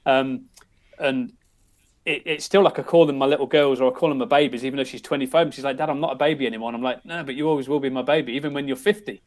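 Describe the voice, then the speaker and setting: A man's voice: mid-range voice, steady tone, fast. A middle-aged man with an English accent, a podcast guest telling family stories in a loose, rambling way full of restarts. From England. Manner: rambling, many restarts and "you know"s. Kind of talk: casual storytelling.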